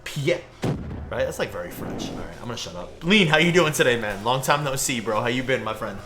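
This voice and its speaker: A man's voice: medium pitch, expressive, fast talker, music in the background. A young man casually chatting with viewers while he plays, rambling and laid-back, full of "like" and "bro". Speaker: gaming streamer.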